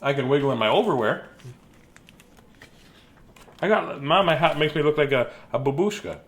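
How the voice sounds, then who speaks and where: Middle-aged man, playful bedtime-story reader, raised pitch, very lively sing-song delivery, goofy asides. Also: normal speed.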